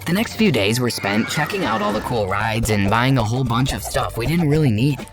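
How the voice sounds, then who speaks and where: A narrator reads a first-person story in a steady, even way, at a middle pitch. Clear music plays underneath throughout. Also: fairly quick. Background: background music.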